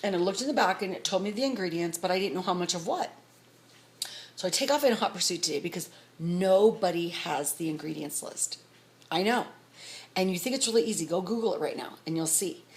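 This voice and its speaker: A middle-aged woman telling a rambling story to her vlog audience, talking fast and excitedly. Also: fairly low pitch. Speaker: vlogger. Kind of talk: casual storytelling to camera.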